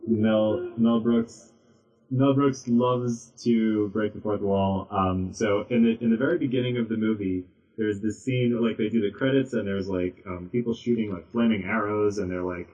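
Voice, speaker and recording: A man on a casual podcast, talking haltingly with many ums and restarts. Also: fairly low pitch, steady tone, warm tone, far from the mic. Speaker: podcast guest. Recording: dull lo-fi audio, a bit off mic.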